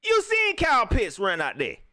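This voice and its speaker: A man, hosting a casual live sports talk show, animated and talking straight to his viewers as he reads their chat. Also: very high-pitched, moderate pace, no echo, studio quality. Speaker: sports talk livestream host.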